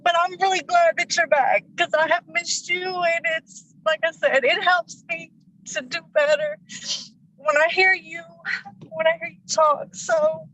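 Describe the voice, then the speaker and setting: Woman caller driving her car, high bright voice, emotional and halting, dull lo-fi phone sound. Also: fairly even intonation, a little hiss or hum. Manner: halting, self-conscious. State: emotional, close to tears.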